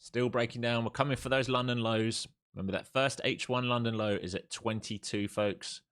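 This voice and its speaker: A man's voice: mid-range voice, fairly even intonation, moderate pace, fairly bright tone. A man hosting a live trading stream, giving jokey, repetitive commentary and urging his viewers on. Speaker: live stream host and trader.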